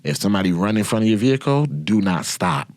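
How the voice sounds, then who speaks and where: A man in his thirties hosting a podcast, telling stories in a brash, profane, animated way. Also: lowish voice, quick pace, no echo. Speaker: podcast host. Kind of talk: casual storytelling.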